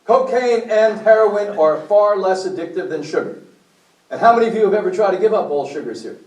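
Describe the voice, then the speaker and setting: High-voiced man lecturing in an echoey room. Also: lively intonation, brisk, a little mellow, far from the mic. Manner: preachy and blunt, asks the audience questions. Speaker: speaker at a health meeting. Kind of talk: impassioned lecture to a group.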